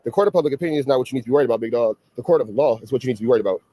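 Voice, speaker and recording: A man hosting his own show, giving casual commentary in a brisk, assertive way. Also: mid-range voice, very noisy. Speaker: show host.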